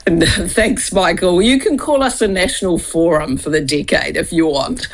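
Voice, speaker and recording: A woman's voice: fairly low pitch, moderate pace. A woman, a charity chief executive speaking as a guest on a radio interview in a friendly, matter-of-fact way.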